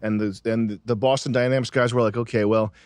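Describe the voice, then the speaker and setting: A man hosting a casual podcast, ranting with lots of swearing, then settling into quieter musing. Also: medium pitch, fairly even intonation, brisk, clean tone, dry recording. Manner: profane, emphatic, trailing into quiet musing. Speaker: show host.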